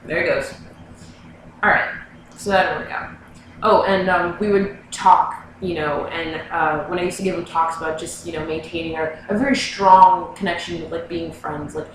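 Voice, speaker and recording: A woman's voice: on the low side, fairly even intonation, normal speed, noisy background. A young woman vlogging, telling a personal story in a rambling, casual way full of "like" and "you know.". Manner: rambling, filler-heavy, lots of "like". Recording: very echoey room, mic far away.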